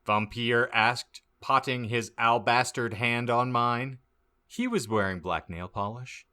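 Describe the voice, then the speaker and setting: A man reading a badly written story aloud as a comic audiobook, deadpan and stumbling over misspelled words. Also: mid-range voice, slow pace, smooth. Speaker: podcast host reading aloud.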